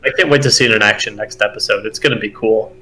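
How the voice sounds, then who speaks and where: A man's voice: lowish voice, quick pace, bright, forceful tone. A man co-hosting a casual podcast chat, talking enthusiastically and reflectively. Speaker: podcast co-host.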